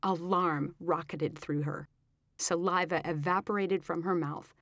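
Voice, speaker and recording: A woman reading an audiobook aloud in a measured, dramatic storytelling manner. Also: lowish voice, steady tone, a bit bright, no echo, clean studio sound. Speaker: audiobook narrator. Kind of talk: scripted narration.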